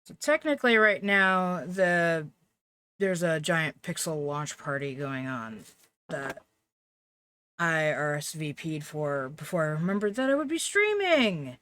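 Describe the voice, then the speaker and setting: Live-streaming a game from home with her dog around, a woman chats casually and wanders off into side remarks. Her voice is low, expressive, a bit bright and a little slow, with no room sound, and game music with cello and violin plays behind her.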